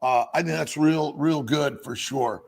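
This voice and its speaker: A man's voice: on the high side, a little slow, creaky. A man helping run an event, rambling casually on a live stream with lots of fillers. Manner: rambling, fillers like uh and you know.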